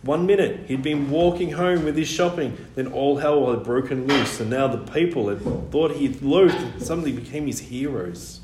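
A man reading a children's story aloud, animated, with wide swings in pitch and loudness. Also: moderate pace, hardly any pauses, background noise. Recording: echoey room with faint ambience.

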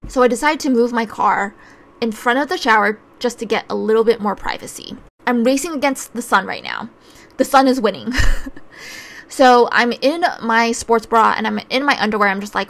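A woman's voice: a little high, vocal fry. A woman telling a personal travel story in a casual, chatty way, wry and full of filler words.

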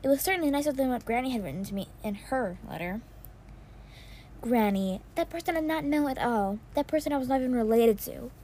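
High-voiced woman reading a storybook. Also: lively intonation, fast talker, mellow, a little hiss or hum. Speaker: audiobook reader. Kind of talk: first-person storybook narration.

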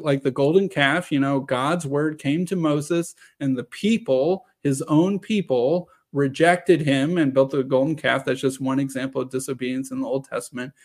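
A man's voice: fairly high pitch, darkish tone. Earnest man lecturing on scripture. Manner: earnest, argumentative, lecturing with quick asides. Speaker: religious presenter. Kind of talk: explanatory Bible teaching talk.

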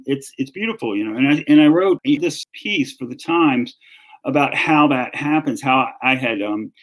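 A man in his fifties from North Carolina with a Southern accent, answering an interview question as an author and music journalist, relaxed and storytelling, often restarting his sentences. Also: mid-range voice, unhurried, rough recording.

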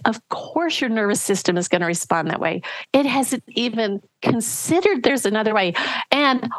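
A woman coach talking in a casual podcast conversation, acting out quoted voices with lively swings. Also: on the high side, moderate pace, no echo. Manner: animated, acts out quoted voices. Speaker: podcast guest, relationship coach.

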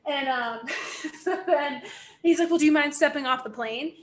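A young woman telling a story in casual chat, animated, acting out quotes, with lots of "like" and swearing. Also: sits high, moderate pace, slight background noise.

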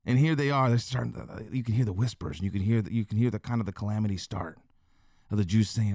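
A man giving casual, excitable Bible commentary full of slang and asides. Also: on the low side, fast, creaky, dry recording, clean studio sound.

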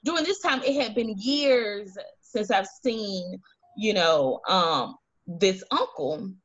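A woman's voice: medium pitch, expressive, slow pace. A woman from Alabama, telling her story as a guest, earnestly and acting out the voices of people in it. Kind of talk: personal testimony in an interview. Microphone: video call. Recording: dull lo-fi video call audio.

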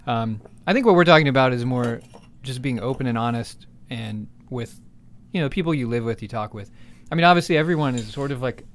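A man's voice: medium pitch, fairly quick, a little hiss or hum. A man from the United States hosting a casual podcast chat, easygoing with dry jokes and plenty of fillers. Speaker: podcast host.

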